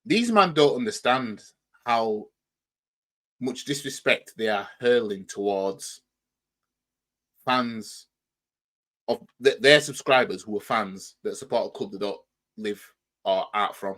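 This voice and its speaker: A man's voice: fairly low pitch, expressive, slow, long pauses, fairly bright tone. A man with a Yorkshire accent hosting a football reaction channel, talking in a rambling, argumentative way and firing off rhetorical questions. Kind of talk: casual reaction commentary.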